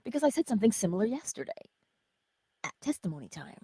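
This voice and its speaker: A woman hosting a morning inspiration livestream, teaching viewers in an animated way, often dropping into whispered asides and talking straight to her audience. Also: medium pitch, fast talker, slightly rough, dry recording. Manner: speaks straight to the viewers, answers chat comments. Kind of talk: live-streamed inspirational teaching.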